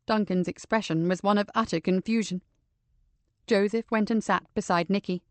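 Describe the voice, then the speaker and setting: A woman narrating a crime audiobook in a measured, steady way. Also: medium pitch, dry recording.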